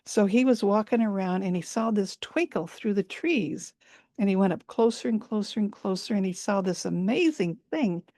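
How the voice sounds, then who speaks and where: A woman's voice: mid-range voice, lively intonation, normal speed, warm tone, no room sound, studio quality. A woman storyteller telling a folk tale live over a video call, repeating words for emphasis and dwelling on sensory detail.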